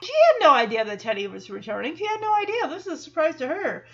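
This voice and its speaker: A woman's voice: high-pitched, very animated, fast, a bit bright. A young woman from Michigan chatting casually through an episode, laughing often and acting out the characters' lines. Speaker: show reaction vlogger. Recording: dull lo-fi recording.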